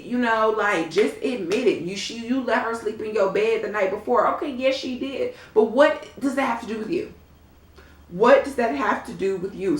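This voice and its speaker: A woman casually reviewing a reality TV episode, animated and sassy, talking straight to her viewers. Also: mid-range voice. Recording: roomy echo.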